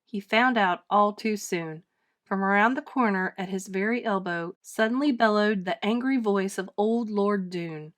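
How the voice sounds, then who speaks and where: A woman reading a children's storybook aloud with dramatic, expressive narration. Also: medium pitch, moderate pace. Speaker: storybook reader. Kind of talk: children's book read-aloud.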